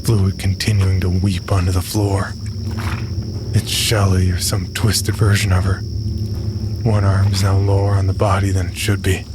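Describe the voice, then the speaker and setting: A man narrating a first-person horror story in a grim, measured way. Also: sits low, level tone, background noise. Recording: narration over clear music bed.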